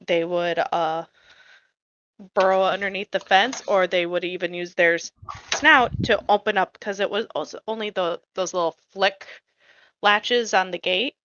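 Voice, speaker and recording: A woman's voice: mid-range voice, steady tone, unhurried, fairly bright tone, no room sound, lo-fi sound. A woman co-hosting a podcast, telling a story in casual chat in a blunt, profane way that gets heated. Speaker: podcast co-host.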